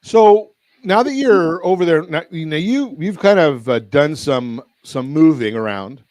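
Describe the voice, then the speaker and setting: A man's voice: a little high, expressive, measured pace, a little mellow, no room sound. A man hosting a radio talk show, rambling and correcting himself as he jokes with his guest. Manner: rambling, self-correcting, joking. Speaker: radio host. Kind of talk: casual radio chat.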